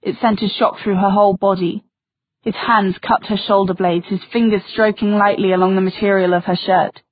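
A woman narrating an audiobook in a soft, intimate reading style, on a tinny recording. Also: medium pitch, fairly even intonation, moderate pace, no echo. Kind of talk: scripted narration.

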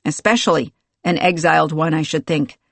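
A man's voice: on the high side, steady tone, moderate pace, vocal fry, fairly bright tone, dry recording. A narrator playing a wry, ironic male arbiter from an audiobook, sounding mock-innocent and dry. His lines are lifted a little and the sound is close and dry.

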